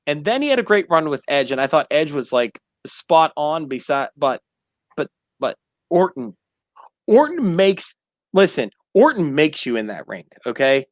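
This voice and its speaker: A man hosting a sports talk show, arguing his point in an insistent, animated way. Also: fairly high pitch, measured pace, no echo, clean studio sound. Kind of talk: casual debate.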